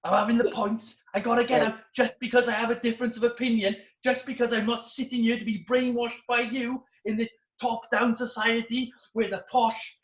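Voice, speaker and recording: A man puts on an indignant British know-it-all who rants rapidly against authority. The voice is fairly high, and the sound is roomy and slightly dull. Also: level tone. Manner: ranting, rapid. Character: indignant working-class male know-it-all ranting.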